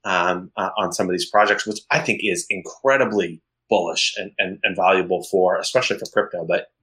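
A man co-hosting a podcast in a rambling, casual way, restarting his sentences as he thinks. His voice is fairly low but bright and forceful. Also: brisk, low-quality recording. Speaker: podcast co-host.

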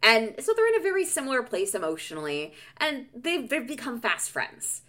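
A woman's voice: fairly high pitch, big pitch swings, normal speed, a bit bright. A woman podcast co-host in casual book chat, joking and chiming in with quips and laughter.

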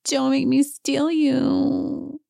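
A woman putting on a haughty, wealthy woman's voice, high and slow with an affected drawl. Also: little pitch movement, vocal fry, mellow, no echo, studio quality, exaggerated voice.

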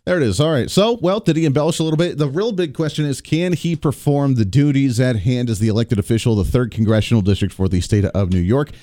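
An American man hosts a political talk radio show in a mellow, warm tone. He argues in an animated, sarcastic way and mocks quotes with put-on voices. The sound is close and dry. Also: mid-range voice, fast talker, few pauses, no room sound.

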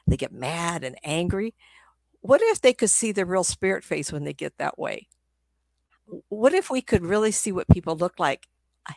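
A middle-aged psychic medium tells stories in a loose, rambling way, laughing often and performing the voices of the people she quotes. Her voice is lowish and darkish in tone, with no room sound.

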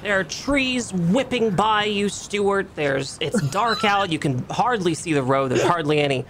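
A game master narrates a tabletop game in a mid-pitched voice. The narration is descriptive but halting, with frequent restarts. A faint hiss sits behind it. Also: animated, fairly bright tone, poor audio.

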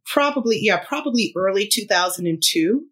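A woman's voice: medium pitch, normal speed, breathy edge. A woman in her fifties, a musician guest, telling a story in a casual interview, laughing often and acting out the lines of other people. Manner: animated, laughs often, acts out quotes.

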